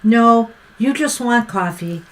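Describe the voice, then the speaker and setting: High-voiced woman reading tarot. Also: animated, slow pace, rough recording. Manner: warm-hearted, filler-heavy, many "you know"s. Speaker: tarot reader co-host. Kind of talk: casual live-stream tarot reading.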